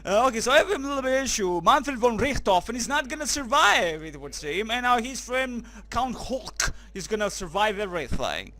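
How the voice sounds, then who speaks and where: A gaming commentator with a high-pitched, bright, forward voice narrates a let's play in a swooping, lively way. His humour is crude and excitable, he keeps dropping in German phrases, and he talks a little fast with hardly any pauses.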